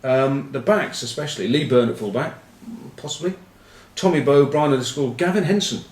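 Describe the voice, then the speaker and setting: A man hosting an informal comedic rugby news vlog, rambling and deadpan, with irreverent asides and many fillers. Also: mid-range voice, moderate pace. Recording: roomy, from a distance.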